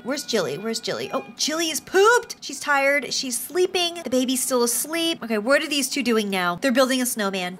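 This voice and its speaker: A woman hosting a game channel, giving excitable, chatty commentary with frequent gasps. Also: high voice, slight background noise. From United States. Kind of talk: let's-play commentary.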